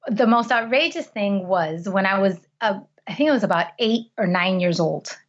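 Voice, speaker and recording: A woman's voice: medium pitch, normal speed. A woman speaking as a podcast guest, telling personal stories in an earnest, heartfelt way with frequent restarts. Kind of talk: conversational storytelling. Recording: slightly dull lo-fi recording.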